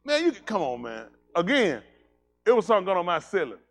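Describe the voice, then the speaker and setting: A male pastor joking with his congregation in casual banter, teasing people and breaking into loud exclamations, before settling into preaching. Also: high voice, wildly swooping pitch, fast talker.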